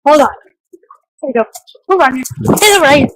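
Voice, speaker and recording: A woman talks into her phone on a live stream from a rainy yard, frazzled and venting. Her voice sits high and she swears freely between casual asides to her viewers. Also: lively intonation, no echo, low-quality recording. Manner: frazzled, swearing, quick to vent. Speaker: livestreamer. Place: outdoors in a yard in the rain.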